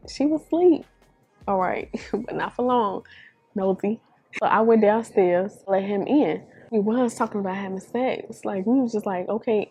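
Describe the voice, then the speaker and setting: A woman in her twenties, from Chicago, telling a casual storytime vlog in a chatty, animated way, talking straight to her viewers. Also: medium pitch, breathy edge. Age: 20s. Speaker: beauty vlogger.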